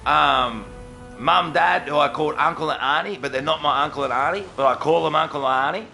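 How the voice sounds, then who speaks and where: A young Australian man with a slightly high, gravelly voice and a bright, sharp edge, speaking with an Australian accent. He chats casually on a stream, answering viewers by name. Faint music plays behind him. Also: a little fast. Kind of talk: casual livestream chat.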